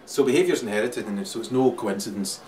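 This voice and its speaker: A man's voice: mid-range voice, fast. Profane laughing Scottish man, far off. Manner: crude, laughs through his talk, swings loud and quiet. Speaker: vlogger. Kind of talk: rambling profane monologue. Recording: distant mic, loud crowd and noise.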